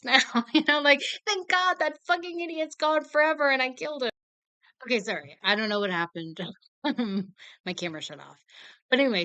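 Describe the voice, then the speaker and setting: Young woman, casual film reviewer, rambling and animated, bright voice, dry close mic. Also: mid-range voice, dry recording. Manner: rambling, animated, filler-heavy. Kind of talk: casual chat.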